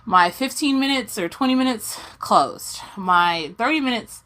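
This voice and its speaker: A woman's voice: a little high, expressive, a little slow, pushed and bright. A young woman vlogging about doll collecting, telling a long story in a casual rant and acting out her own confused reactions.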